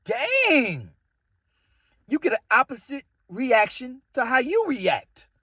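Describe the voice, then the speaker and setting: A man's voice: very high-pitched, measured pace, dry recording. A man in his thirties from the Chicago area, ranting casually about dating and acting out bits of the story. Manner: animated, jumps into quoted voices. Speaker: vlogger.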